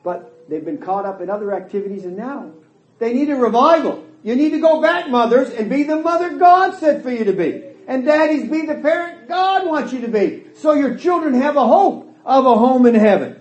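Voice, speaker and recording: A middle-aged man delivers a sermon with an emphatic, folksy manner. His voice sits very high and swings widely in pitch. The hall around him is echoey. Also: lively intonation, moderate pace. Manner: emphatic, folksy, quotes dialogue in character voices. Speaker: preacher.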